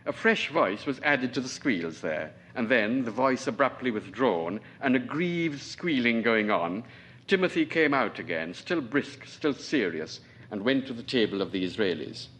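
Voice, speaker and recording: A novelist in his forties from Trinidad, reading his own fiction aloud at a lecture in a measured, deliberate way. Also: mid-range voice, animated, fairly bright tone, slightly rough. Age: 40s.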